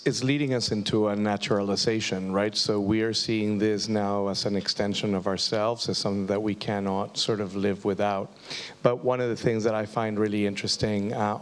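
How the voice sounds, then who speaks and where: A man speaking as a guest on a live panel, answering in a measured, reflective way. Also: fairly low pitch.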